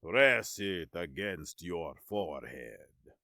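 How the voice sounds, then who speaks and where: A man voicing a calm, commanding alien auctioneer who speaks smoothly and theatrically in a sci-fi story narration. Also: deep voice, takes it slowly, dry recording, studio quality, pitched below the performer's own voice, heavily acted.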